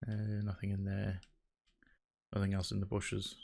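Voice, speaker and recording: A man's voice: lowish voice, monotone, measured pace, creaky, darkish tone, a little hiss or hum. A young man hosting a let's play, thinking aloud in casual commentary with muttered asides while he plays.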